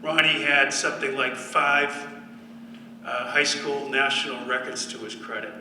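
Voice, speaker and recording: Bright-voiced man at a podium, dry storyteller, caught from across a roomy hall. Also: mid-range voice, fairly even intonation, measured pace, a little hiss or hum. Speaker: former football player giving a speech. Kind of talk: speech to an audience. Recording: echoey hall from far off.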